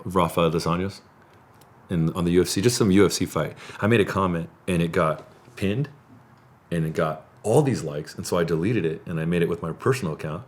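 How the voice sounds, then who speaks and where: A man hosting a podcast in a studio, telling animated stories in casual chat and laughing often. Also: sits low, brisk. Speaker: podcast host.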